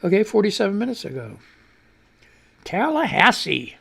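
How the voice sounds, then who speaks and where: Man, radio host, angry profane news rant, animated swinging pitch, throat clearing and coughs. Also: moderate pace. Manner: profane, angry, reads headlines aloud then rants; voice climbs higher when worked up. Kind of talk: ranting news commentary.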